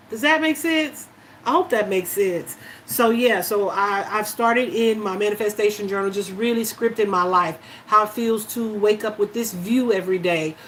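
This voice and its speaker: A woman's voice: medium pitch, a little hiss or hum, rough recording. Chatty woman hosting a spiritual live chat. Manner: warm, emotional, laughs easily, many fillers.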